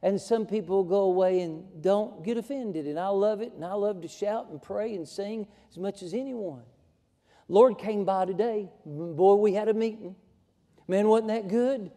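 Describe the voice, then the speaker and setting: A man's voice: sits high, a little slow, warm tone, big-room sound. A man preaching a sermon in a folksy, emphatic way, building to fervent passages. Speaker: pastor. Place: church sanctuary.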